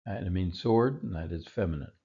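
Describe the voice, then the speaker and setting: A man teaching a recorded Hebrew vocabulary lesson, patiently repeating each word slowly. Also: low-pitched, gravelly, warm tone, husky, muffled recording.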